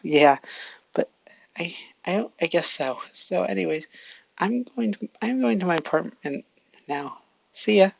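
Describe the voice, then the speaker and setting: A worried teenage girl who scolds through her tears, pitched high above the narrator's own voice, as the storyteller puts her on. The recording is dry and dull, and the voice has a gravelly edge. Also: a little slow, long pauses, no room sound, heavily acted. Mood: gentle. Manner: tearful, scolding.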